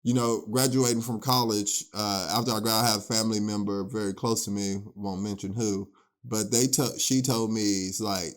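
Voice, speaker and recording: A man co-hosting a podcast in casual chat. He has a slight country twang, mumbles some, and grows louder and quicker when he makes a point. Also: fairly low pitch, steady tone. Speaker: podcast co-host.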